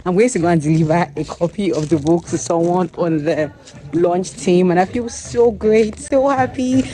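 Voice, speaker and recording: A young Nigerian woman with a Nigerian accent, chatting excitedly in a casual vlog to a phone camera, with pidgin-tinged phrasing. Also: lowish voice, normal speed. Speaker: vlogger and author. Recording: echoey room with faint background ambience.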